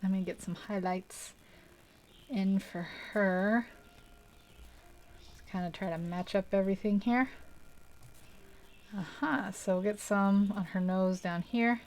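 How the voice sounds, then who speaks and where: A woman's voice: medium pitch, fairly even intonation, takes it slowly, long pauses, a little mellow. Chatty woman painting on a livestream. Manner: chatty, rambling, laughs often, self-deprecating. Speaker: art livestream host. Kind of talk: casual chat while digitally painting.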